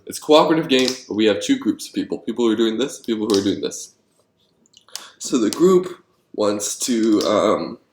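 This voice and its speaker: A man designing board games and thinking aloud, rambling and getting excited about his ideas, with many ums. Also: on the low side. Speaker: board game designer vlogger. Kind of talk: thinking aloud while brainstorming. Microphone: handheld camera. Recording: echoey room.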